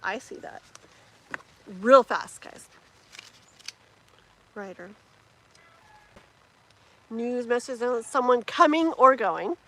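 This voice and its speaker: A woman's voice: a little high, lively intonation, extremely slow, long pauses, sharp tone, a little hiss or hum, low-quality recording. A woman giving tarot readings on a live stream, chatty and rambling with many fillers and restarts. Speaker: tarot reader.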